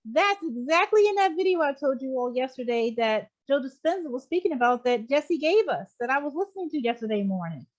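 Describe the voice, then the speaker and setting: A woman's voice: high-pitched, expressive, fairly quick, hardly any pauses, lo-fi sound. A woman co-hosting a casual spiritual chat, affirming and emphatic as she responds to a guest. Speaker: podcast co-host.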